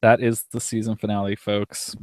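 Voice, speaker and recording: A man's voice: lowish voice, level tone, moderate pace, a little mellow, no room sound, clean studio sound. A young man co-hosting a casual live podcast, reading listener emails aloud, laughing often and swearing casually.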